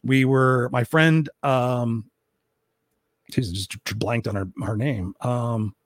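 A man's voice: mid-range voice, steady tone, takes it slowly, no echo. A man hosting a solo livestream, telling candid, profane stories with lots of fillers and restarts. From Southern California. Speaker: host. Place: room at home.

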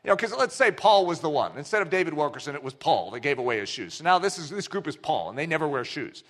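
A man preaching a sermon, telling a story with acted-out dialogue in an animated way. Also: fairly high pitch, fast.

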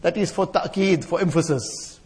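A man's voice: high-pitched, moderate pace, a little mellow. A man giving a sermon to scholars and elders, chanting Arabic verses and explaining them in rhythmic repeated lists. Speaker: Islamic scholar giving a talk. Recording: long hall reverb.

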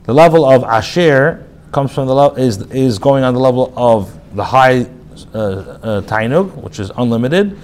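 A rabbi giving a casual spoken class, reading phrases aloud and then explaining them in plain talk, with restarts and fillers. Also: male voice, mid-range voice, expressive, normal speed, darkish tone. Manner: reads Hebrew phrases then paraphrases them in English; frequent restarts and filler, conversational. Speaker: rabbi teaching a text class.

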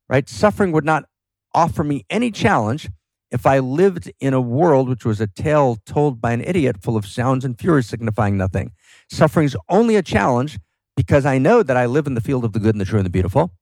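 A man's voice: medium pitch, sing-song, normal speed, a little mellow, no room sound. A man talking as a podcast guest, passionate and emphatic, often checking in with "right?". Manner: fervent, emphatic, frequent "right?" tags. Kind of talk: passionate philosophical talk.

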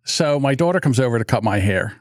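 A man's voice: medium pitch, lively intonation, moderate pace, no echo, studio quality. A middle-aged man with a Delaware County accent, chatting casually on a podcast and laughing as he reminisces. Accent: Delaware County, Pennsylvania. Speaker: podcast co-host. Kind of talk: casual chat.

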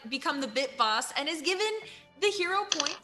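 A woman running part of a tabletop game, briskly announcing updates to the players. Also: high-pitched, lively intonation, bright, forceful tone, faint music behind.

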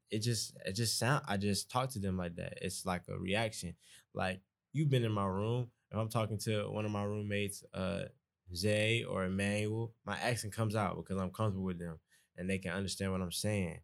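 Young adult man, Georgia accent, lower-pitched, casual rambling podcast guest. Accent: Georgia, US South. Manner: rambling, restarts often, folksy. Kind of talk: casual conversation.

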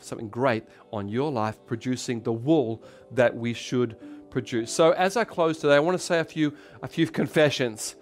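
A man with an Australian accent, preaching a fervent sermon and leading prayer, repeating phrases and slowing down for emphasis. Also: medium pitch, soft background music. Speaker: pastor.

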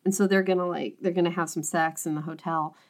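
A woman co-hosting a casual podcast, recapping a novel with profane, animated humor and dramatic read-alouds. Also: on the low side, fast. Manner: animated, profane, reads aloud with exaggerated voices. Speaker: podcast co-host.

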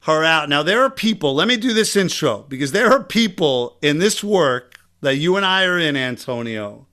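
A man with a Long Island accent hosting a casual, energetic podcast conversation. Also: fairly high pitch, normal speed. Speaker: podcast host.

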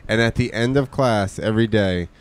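A man telling deadpan, self-mocking school stories in a casual chat. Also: fairly low pitch, normal speed, smooth, no echo.

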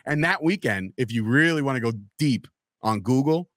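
A man's voice: medium pitch, moderate pace, no room sound, studio quality. A man hosting a casual sports podcast, telling profane stories and acting out the people in them. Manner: animated profane storyteller, acts out quotes. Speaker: podcast host.

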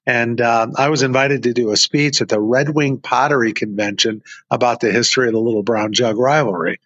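A man's voice: mid-range voice, steady tone, brisk, a bit bright, no room sound. Casting: male podcast guest, storyteller who rambles, dull lo-fi sound, dry. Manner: rambling, enthusiastic storyteller with many fillers. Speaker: guest author and memorabilia collector. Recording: dull lo-fi remote audio.

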